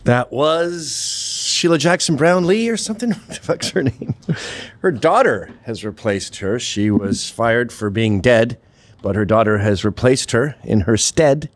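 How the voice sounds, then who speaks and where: A man's voice: medium pitch, animated, measured pace. A man hosting a show, talking through a sarcastic, profane monologue and laughing at his own jokes. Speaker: host. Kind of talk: casual monologue commentary.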